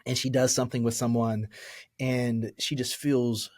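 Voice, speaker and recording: A man in his forties speaks as a guest on a podcast, recounting his own past with halting earnestness and plenty of restarts. His voice sits at an ordinary middle pitch, and the recording is close and dry, with no room sound around it. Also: little pitch movement, darkish tone, dry recording. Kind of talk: candid personal testimony in a podcast interview.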